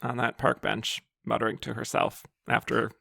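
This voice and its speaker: A man's voice: mid-range voice, level tone, normal speed, gravelly, sharp tone, no room sound, clean studio sound. A man hosting a podcast, chatting casually about films with loose phrasing and lots of fillers. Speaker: podcast host. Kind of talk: casual film discussion.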